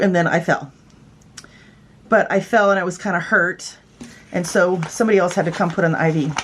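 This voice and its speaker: Chatty, playful woman telling stories. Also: medium pitch. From California. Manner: chatty, playful, self-mocking, fond of doing voices. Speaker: vlogger, former nurse. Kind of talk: casual storytelling.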